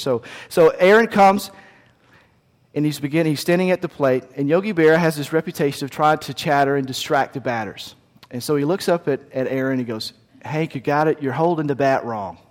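A man's voice: on the high side, in a large hall. A man preaching a sermon as pastor, in a conversational, folksy storytelling manner with frequent restarts.

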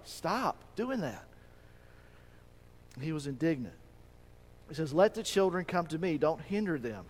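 A man preaching a sermon as pastor, animated, acting out quoted voices with a rising pitch. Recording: long reverb of a hall.

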